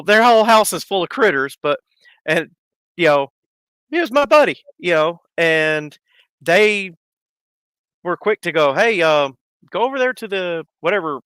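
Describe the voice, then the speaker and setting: A man's voice: a little high, pushed and bright, smooth, no echo. A man casually telling rambling stories on a live stream, laughing and acting out the people in them. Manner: rambling, laughing, acts out voices in his stories. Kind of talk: casual storytelling.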